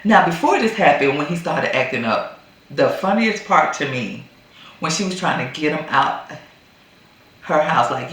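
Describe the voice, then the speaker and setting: A woman retelling a movie plot in a casual, animated way, acting out the characters' lines. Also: sits low, moderate pace. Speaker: movie reviewer. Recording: very echoey room.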